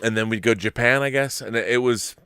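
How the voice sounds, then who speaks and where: A man telling a story in casual chat, animated and swearing as he acts out the people in it. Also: mid-range voice, brisk, smooth, no room sound, studio quality. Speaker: podcast host.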